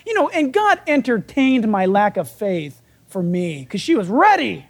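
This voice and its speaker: A man's voice: very high-pitched, normal speed, hardly any pauses. A man preaching a sermon in a conversational, folksy way, acting out the voices in the stories he tells. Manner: animated, acts out biblical dialogue. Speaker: pastor.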